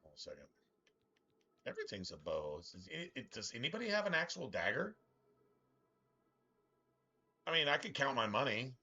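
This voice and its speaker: A man's voice: mid-range voice, very animated, fast talker, bright, forceful tone, breathy edge, lo-fi sound. A middle-aged man chatting casually on a live game stream, rambling and profane, with strong opinions. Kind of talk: casual live-stream chat while gaming.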